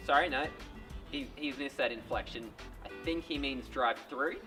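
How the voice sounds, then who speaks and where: A man hosting a comedy sketch, translating in a deadpan, mock-serious way. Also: mid-range voice, normal speed. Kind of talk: comic skit, deadpan translating. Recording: distant mic with loud music.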